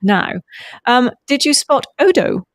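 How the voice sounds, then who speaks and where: A woman's voice: high-pitched, very animated, takes it slowly, dry recording, studio quality. Chatty woman podcast co-host. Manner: chatty, rambling with many ums. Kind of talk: casual recap chat.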